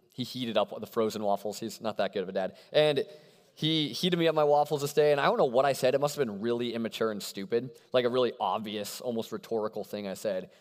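Young man preaching in a reverberant hall. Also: medium pitch. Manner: animated, conversational with frequent check-ins. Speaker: college ministry preacher. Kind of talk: sermon.

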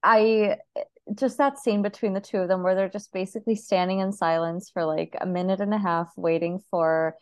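A woman's voice: medium pitch, steady tone, normal speed, smooth, no room sound, studio quality. Gushing woman film podcast host. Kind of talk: casual film review chat.

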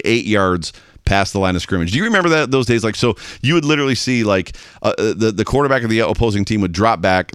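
A man's voice: on the low side, no echo, clean studio sound. A man hosting a sports talk show, delivering an exasperated fan's monologue. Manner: animated, exasperated fan ranting. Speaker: podcast host.

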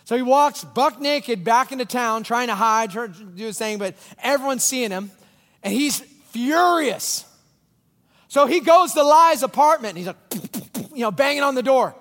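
A man preaching a sermon as pastor, telling a story with lively swings from loud bursts to quiet, intense moments. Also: very high-pitched, normal speed, long reverb tail.

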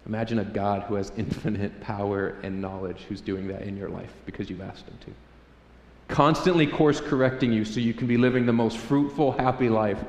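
A man's voice: fairly low pitch, moderate pace, darkish tone, lo-fi sound. A man preaching a sermon to a congregation, joking and acting out prayers in a raised voice. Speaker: pastor. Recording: echoey hall, faint room ambience.

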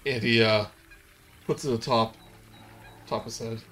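A man's voice: mid-range voice, fairly even intonation, unhurried, fairly bright tone, slight background noise. A man narrating a tabletop game as game master, in a loose, rambling way full of fillers.

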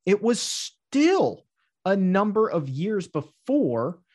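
A man in his thirties, hosting a podcast and telling his own story. His voice sits fairly high and he keeps it animated. He acts out the quoted lines with big pitch jumps. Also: slow.

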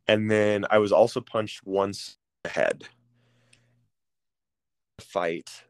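A man candidly telling a personal story as an interview guest, pausing often with ums and restarting phrases. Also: on the low side, fairly even intonation, smooth, no room sound. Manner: halting, with frequent ums and restarts.

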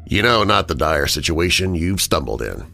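A man putting on a silky, menacing villain with a deep voice. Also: sing-song, full character voice. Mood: smooth menace. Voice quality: smooth, deep, soft-spoken. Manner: slow, silky and patronizing. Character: smooth condescending sinister man, calm and menacing.

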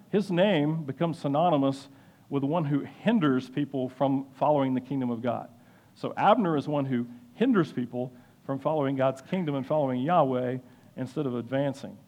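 A man with a voice a little above the usual register gives a sermon-style Bible lesson. He talks haltingly and often pauses with fillers and restarts. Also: on the high side, a little mellow, lo-fi sound. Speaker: Bible teacher.

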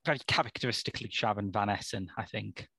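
A man's voice: on the low side, quick pace, gravelly, bright, forceful tone, husky, no room sound. A man co-hosting a podcast, chatting casually about films, rambling and correcting himself with dry humor. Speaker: podcast co-host. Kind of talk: casual film chat.

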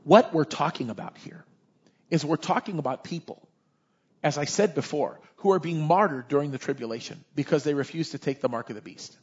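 A male pastor preaching a sermon in a lively, conversational way, often tossing in "right?" asides. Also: on the high side, brisk, breathy edge, muffled recording.

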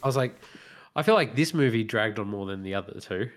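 A man's voice: on the low side, expressive. A man co-hosting a casual film podcast, telling anecdotes and quoting the people in them. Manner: quick, tells anecdotes with quoted dialogue. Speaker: podcast co-host. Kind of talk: casual film review chat.

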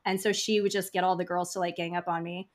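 A woman guest on a podcast, telling stories in a chatty, animated way with frequent "like" fillers. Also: lowish voice, fast talker. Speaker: podcast guest, funeral home founder. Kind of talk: casual interview storytelling.

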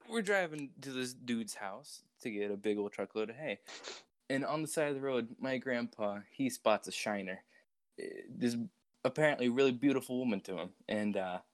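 Teenage dude rambling thru a story, cracking up, pretty dry sound. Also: male voice, fairly low pitch, no echo. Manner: rambling storyteller, laughs mid-sentence. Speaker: podcast co-host. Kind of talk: casual chat.

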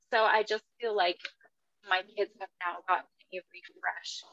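A woman's voice: mid-range voice, lively intonation, moderate pace, pushed and bright, dry recording, dull audio. A woman in her thirties, a mother and podcast guest, speaking candidly and animatedly in casual conversation.

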